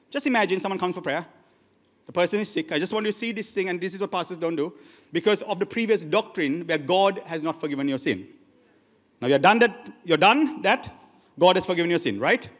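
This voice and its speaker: Pastor, male, high voice, animated sermon delivery with loud and hushed turns, long church reverb. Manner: animated preaching, swings from loud exhortation to quiet asides. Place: church hall.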